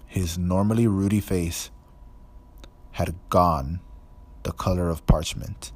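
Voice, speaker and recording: A man reading an audiobook in a measured, even storytelling manner. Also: low-pitched. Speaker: audiobook narrator. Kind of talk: scripted narration.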